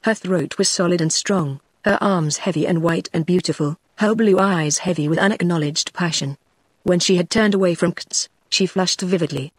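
A woman's synthetic voice with a British accent, narrating an audiobook in an even, mechanical delivery. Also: lowish voice, moderate pace, husky, no echo.

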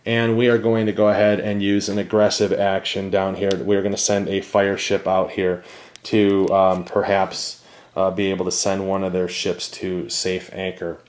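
A man's voice: low-pitched, flat delivery, normal speed. A man hosting a board game channel, thinking aloud with many fillers and reading cards as he plays a solo game.

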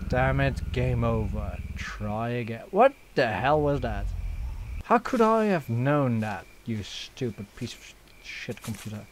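Man, young adult, let's play host, unhurried, joking, cursing, some fillers. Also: mid-range voice, lively intonation, a little hiss or hum. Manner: joking, swears, frequent fillers. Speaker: gaming channel host.

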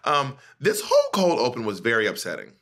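A man's voice: medium pitch, huge pitch swings, brisk, fairly bright tone. A man hosting a podcast in casual chat, gossiping animatedly and swearing freely. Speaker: podcast host.

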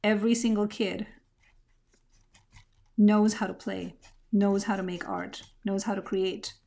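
A woman's voice: medium pitch, flat delivery, unhurried, vocal fry, dark tone. Reflective woman teaching mixed media art. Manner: reflective, searching for words, restarts. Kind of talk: craft tutorial narration.

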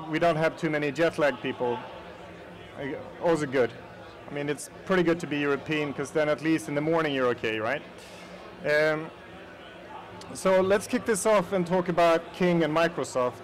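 A man's voice: on the high side, rough recording. Swedish-accented man giving a casual presentation. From Sweden. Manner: chatty, addresses the audience directly with frequent fillers. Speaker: conference presenter. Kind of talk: casual conference talk. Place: conference hall.

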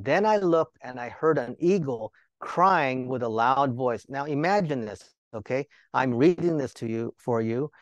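A man's voice: mid-range voice, no room sound. Man teaching a sermon, dry sound. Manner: rhetorical questions to listeners; conversational, joking asides. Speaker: Bible teacher.

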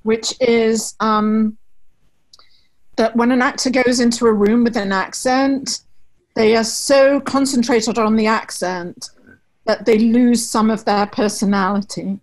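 A woman's voice: on the high side, steady tone, a little slow, rough recording. A woman talent manager in casual conversation, frank and chatty, giving blunt advice. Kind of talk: casual video-call conversation.

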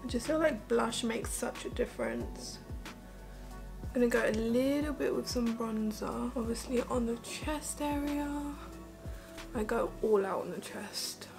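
Over background music, a woman with a slightly high, creaky voice takes her time explaining her makeup to viewers. It's a relaxed get-ready-with-me ramble from a beauty vlogger, full of "like."

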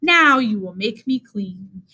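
A woman reading aloud, voicing a weary but kind male soldier who wears a bearskin, in a gentle, pleading way. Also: sits high, big pitch swings, moderate pace, voice pushed up. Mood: earnest.

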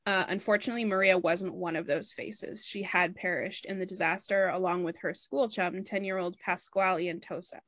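A woman's voice: fairly low pitch, fairly even intonation, normal speed, hardly any pauses, a bit bright, no echo. A woman hosting a podcast, narrating historical stories in a chatty way with many fillers. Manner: chatty, laughs and explains with lots of fillers. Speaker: podcast host. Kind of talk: casual chat and story narration.

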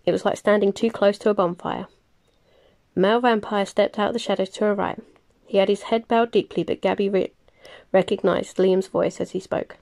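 A woman reading a novel aloud, plain and unhurried, with small slips she corrects as she goes. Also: medium pitch, gravelly, darkish tone. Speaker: reader. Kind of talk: audiobook-style novel reading.

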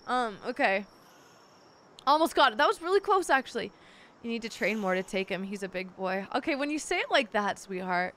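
Young woman, high voice, sick, playful, swearing, gaming stream, faint insect noise behind. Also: very animated, a little fast, fairly bright tone. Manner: playful, swears a lot, calls viewers darlings. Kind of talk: casual gaming stream chat.

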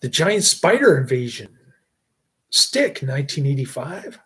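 A man's voice: mid-range voice, sing-song, a little slow, fairly bright tone, slightly rough. A middle-aged man hosting a casual movie review chat, rambling with fillers and chuckles.

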